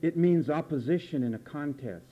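A man's voice: fairly high pitch, normal speed. Emphatic preacher man on lo-fi tape. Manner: emphatic and repetitive, drilling word meanings with rhetorical questions. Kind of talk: sermon. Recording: dull lo-fi recording.

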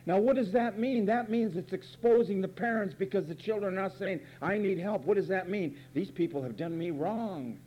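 A man's voice: sits high, moderate pace, hardly any pauses, mellow. A man preaching a fiery, sarcastic sermon from the pulpit, emphatic and blunt. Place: church pulpit.

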